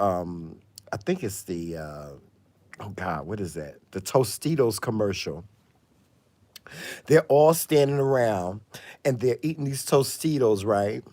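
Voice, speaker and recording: This is a man talking straight to camera in a casual vlog, full of sass and flair. He tells gossip stories with dramatic asides and leans on "honey" and "child". His voice sits in a middle pitch and jumps between hushed remarks and loud outbursts. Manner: sassy, animated gossip storytelling with frequent "honey" and "child"; dramatic exclamations and swings in loudness. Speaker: vlogger.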